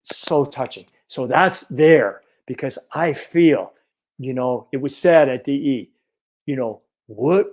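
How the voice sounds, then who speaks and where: A chiropractor in his fifties telling a personal story in an animated, earnest way. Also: on the high side. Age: 50s.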